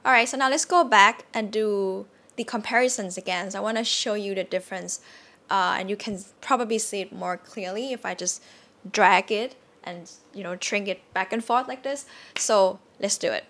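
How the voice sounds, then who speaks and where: Bright-voiced Thai-accented woman teaching tones. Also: medium pitch, moderate pace. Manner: demonstrates tones by repeating words, ends phrases with "yeah?". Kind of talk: casual online language lesson.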